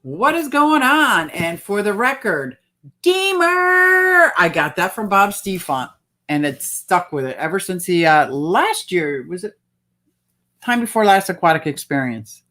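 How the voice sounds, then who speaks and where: A woman's voice: fairly low pitch, lively intonation, measured pace, fairly bright tone. A woman hosting a casual livestream, chatting and reading out viewer comments. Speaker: livestream host.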